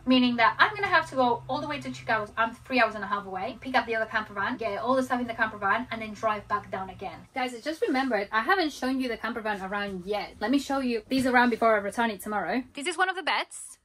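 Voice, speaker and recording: A woman's voice: fairly high pitch, fast, few pauses, a bit bright. A woman travel vlogger chatting to the camera as she shows off a campervan and talks about her trip. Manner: chatty and emotional, talks straight to viewers. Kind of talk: casual vlog to camera. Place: inside a campervan and around a campsite.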